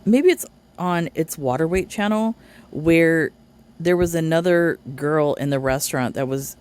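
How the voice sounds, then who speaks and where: A woman's voice: low voice, a little slow, a little mellow, clean tone. A woman reacting to clips with blunt, sarcastic commentary. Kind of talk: casual commentary.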